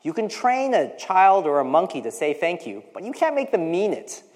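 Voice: medium pitch, big pitch swings, moderate pace, darkish tone. A preacher in their forties, giving a conversational sermon full of personal asides. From United States. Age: 40s. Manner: conversational, acts out quoted voices, personal asides. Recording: long hall reverb.

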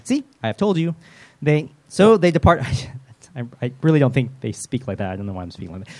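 A man preaching a sermon in a casual, animated way, acting out prayers and quotes in shifting voices with humorous asides. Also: mid-range voice, fast, creaky.

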